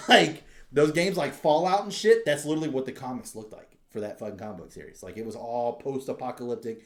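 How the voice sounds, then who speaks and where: A man co-hosting a podcast, telling stories in an excitable, profane casual chat. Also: medium pitch, a little fast, roomy sound. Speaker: podcast co-host.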